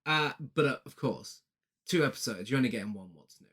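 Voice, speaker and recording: A man co-hosting a podcast, chatting casually with a playful, joking manner. His voice sits at an ordinary middle pitch for a man. He keeps a light, easygoing tone throughout. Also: animated, brisk, fairly bright tone. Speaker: podcast co-host.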